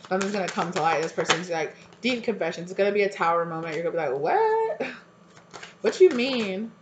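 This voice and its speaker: A woman's voice: fairly low pitch, rapid-fire, reverberant, noisy background. A woman giving a casual tarot reading to her viewers, talking loosely with lots of fillers and repeated words. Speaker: tarot reader.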